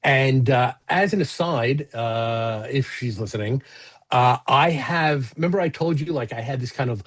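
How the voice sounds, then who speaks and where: Husky-voiced man rambling on a podcast. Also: medium pitch, unhurried, fairly bright tone. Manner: rambling, profane, many fillers and restarts. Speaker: podcast co-host. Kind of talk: casual chat.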